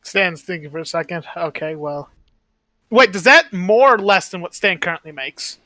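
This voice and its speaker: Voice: medium pitch, moderate pace, sharp tone, no room sound. A player in a tabletop game who describes their character in the third person, hesitantly.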